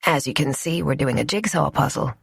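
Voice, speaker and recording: A woman narrating a romance audiobook in a soft, even storytelling voice. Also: sits low, a little fast, creaky, breathy edge, no echo, clean studio sound.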